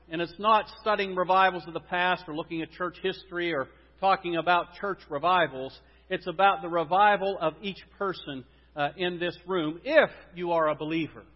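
A man preaching a sermon and leading prayer in a church, swinging from loud declarations to hushed, quiet prayer. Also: high voice. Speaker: pastor. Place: church sanctuary. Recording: dull lo-fi sound with long hall reverb.

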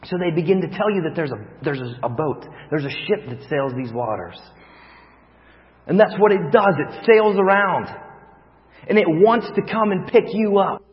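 Man, preacher, sermon, vivid hushed-to-loud storytelling, long church reverb. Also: high-pitched, normal speed. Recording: long reverb, dull lo-fi sound.

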